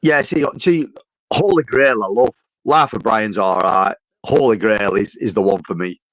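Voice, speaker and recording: A man's voice: fairly low pitch, a little slow, a bit bright, dry recording, low-quality recording. A man in casual podcast chat, stammering through restarts and swearing freely. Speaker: podcast co-host.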